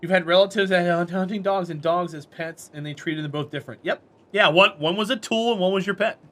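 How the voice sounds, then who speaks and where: A man's voice: sits high, brisk, fairly bright tone. A man chatting casually on a live stream while playing a game, rambling and answering chat.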